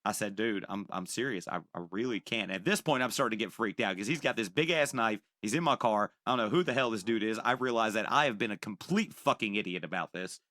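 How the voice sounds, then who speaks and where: A young man with a bright, forward voice spins a rambling, profane story for his podcast co-hosts. He slips into the voices of the people he is quoting as he goes. The sound is close and dry. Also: on the low side, fast, hardly any pauses, no echo. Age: young adult. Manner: animated, profane, acts out quoted voices. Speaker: podcast co-host. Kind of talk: casual storytelling.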